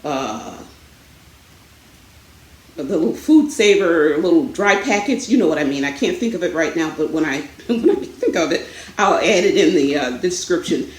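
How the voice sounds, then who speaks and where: A woman's voice: sits low, expressive, normal speed, echoey room, low-quality recording. A woman vlogging from home in a chatty, rambling way, out of breath. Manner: chatty, rambling, many fillers. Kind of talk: casual chat. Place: home, indoors.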